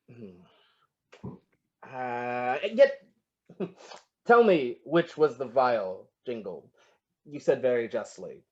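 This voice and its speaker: An actor playing a flattering, lovestruck poet in an amateur online stage play, savoring each word and muttering to himself. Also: medium pitch, highs cut off. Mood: musing. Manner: florid, wooing, savoring words, muttering to himself. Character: lovestruck, flattering William Shakespeare, a playful poet.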